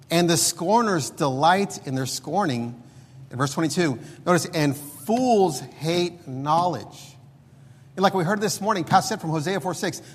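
A man's voice: fairly high pitch, big-room sound. A man preaching a sermon, reading scripture aloud in an emphatic, pleading way.

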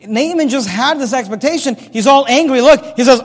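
A male pastor with a strikingly high voice works through the text in a chatty sermon, interrupting himself for humorous asides. He talks fairly quickly with few pauses, and the church around him adds a long, ringing reverb.

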